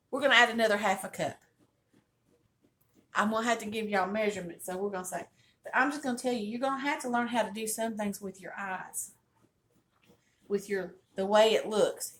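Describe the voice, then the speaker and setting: A middle-aged woman with a Southern drawl chats folksily as she cooks in her home kitchen, wandering into little stories as she goes. Her voice sits at an ordinary middle pitch, picked up by a camera on the counter, with a faint hiss behind it. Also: fairly bright tone. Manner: folksy, chatty, storytelling. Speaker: cooking channel host. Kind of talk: casual cooking demonstration.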